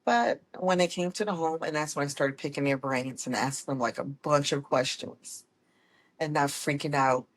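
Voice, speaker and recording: A woman guest telling her personal story in a casual, lively way, often correcting herself as she goes. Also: low voice, normal speed, breathy edge. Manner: animated, acts out quoted people with voice changes; laughs often, corrects herself mid-sentence. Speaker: guest, autism mom.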